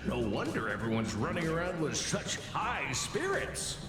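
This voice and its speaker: A man's voice: a little high, big pitch swings, measured pace. A man voicing a bubbly, proud train conductor who makes sing-song announcements in a game. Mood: cheery. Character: chirpy high-voiced conductor, bubbly and proud. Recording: echoey game audio over loud music.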